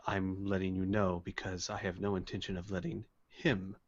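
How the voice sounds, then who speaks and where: A man narrating a tabletop role-playing game as game master, speaking in a slow, measured way and voicing characters. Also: sits low, little pitch movement. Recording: muffled lo-fi voice chat.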